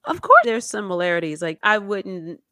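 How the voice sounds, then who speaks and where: A woman co-hosting a casual chat about a documentary, telling it with lively acted-out quotes. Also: medium pitch, moderate pace, no echo, studio quality. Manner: animated storytelling with acted-out quotes. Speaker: podcast co-host.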